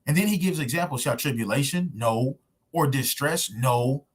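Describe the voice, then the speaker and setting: In a street preaching sermon video recorded at home with screen share, a man speaks to camera in casual slang, pressing his arguments through rhetorical questions. He has a mid-range, expressive voice at a normal speed.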